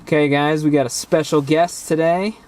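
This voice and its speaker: A man's voice: on the high side, moderate pace, over loud music. Chatty male travel vlog host. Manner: relaxed, chatty, addresses viewers. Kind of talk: casual vlog narration. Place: outdoors on a day trip.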